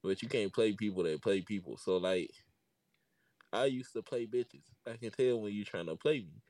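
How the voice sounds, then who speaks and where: Young male co-host, low and relaxed, slangy fillers; dry, slightly distant mic. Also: normal speed, no echo. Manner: laid-back slangy talk with many fillers. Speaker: podcast co-host. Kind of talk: casual podcast chat.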